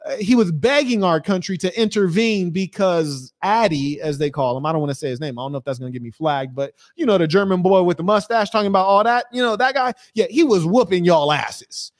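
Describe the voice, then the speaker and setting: A man's voice: high voice, expressive, fairly quick, hardly any pauses, no room sound, clean studio sound. Profane, mocking man. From United States. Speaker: podcast host. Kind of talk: ranting commentary.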